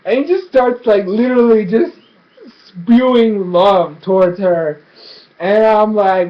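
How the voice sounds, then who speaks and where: Excitable high-voiced man rambling a review. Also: slow pace. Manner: excitable, full of fillers and restarts. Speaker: show reviewer. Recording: dull lo-fi recording.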